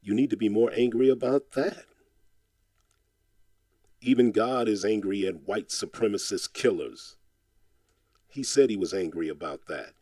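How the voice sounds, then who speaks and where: Man with a low, dry voice. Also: a little slow, long pauses, mellow, husky, dry recording. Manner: rhythmic, insistent delivery with a repeated refrain; impassioned, exhorting tone. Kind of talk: spoken-word poem recital.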